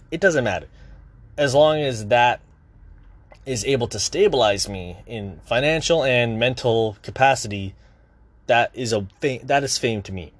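A young male content creator with a mid-range voice rambles restlessly through his worries in a candid personal vlog, swearing a lot. The recording is dry, with no echo.

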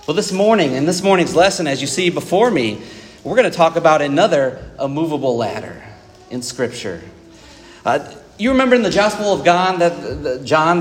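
A man's voice: on the high side, big-room sound. A man preaching a Sunday sermon in a church, talking conversationally to the congregation with frequent fillers and asides. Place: church auditorium.

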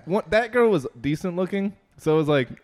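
Young male podcast co-host, slightly high voice, loose swearing banter. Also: lively intonation, a little fast, darkish tone. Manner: laughs often, swears, retells with quoted voices. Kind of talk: casual chat.

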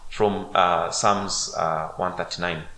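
A man, a podcast guest, telling a personal faith story in an animated way, with many fillers and restarts. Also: sits low, takes it slowly. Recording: roomy echo.

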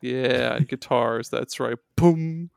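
A man in a casual podcast chat about games, talking loosely and excitably with plenty of swearing. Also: medium pitch, slow pace, gravelly, smooth, no room sound, clean studio sound. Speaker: podcast co-host or guest.

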